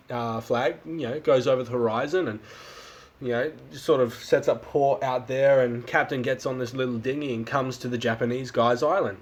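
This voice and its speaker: Rambling Australian streamer guy with a mid-range voice and easy casual delivery. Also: medium pitch. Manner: rambling, repeats words, swears freely. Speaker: livestream host. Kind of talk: casual chat and joke telling.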